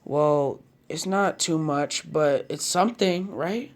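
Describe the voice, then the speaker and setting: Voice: mid-range voice, slow, natural voice. A storyteller voicing a bold, playful teen girl ninja in a casual fan story, in an everyday voice.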